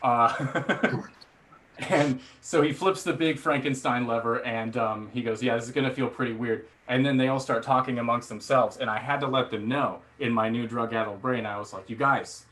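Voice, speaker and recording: Man, stand-up comedian, self-deprecating storytelling, rambling with fillers, bright forceful tone. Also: mid-range voice, moderate pace. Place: theatre stage before a laughing audience.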